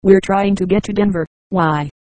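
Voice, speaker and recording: Self-assured young prince, read by a speech synthesizer, monotone, mellow, audiobook. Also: medium pitch, moderate pace, dry recording, lightly acted, poor audio. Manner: flat, unvaried line reading.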